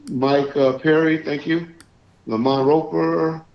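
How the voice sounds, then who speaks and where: Man, livestream host, casual shout-outs, voice a touch high, muffled lo-fi sound. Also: slow pace, gravelly. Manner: relaxed, reads out viewer shout-outs. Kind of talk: casual live-stream chat. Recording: echoey, dull lo-fi stream audio.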